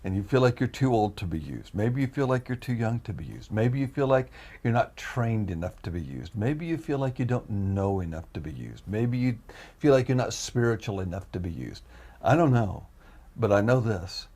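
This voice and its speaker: A man giving an emotional testimony as a guest, animated and repeating himself as he acts out his own prayers. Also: on the low side, normal speed. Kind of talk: emotional storytelling.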